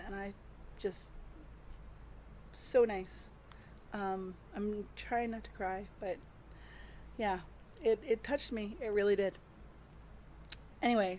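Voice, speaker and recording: A woman's voice: medium pitch, slight background noise. A woman chatting casually to camera as a cross-stitch vlogger, rambling with many fillers and restarts and openly emotional.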